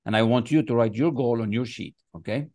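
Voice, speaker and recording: A man with a medium-pitched, darkish voice speaks fairly quickly in a clean studio recording with no echo. He's a success coach giving an online motivational class, writing on screen with a mouse, emphatic and given to repeating phrases and chanted affirmations.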